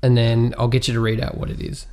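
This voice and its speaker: A man hosting a casual podcast, prompting his guest with quick questions. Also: mid-range voice, completely flat delivery, darkish tone. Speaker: podcast host.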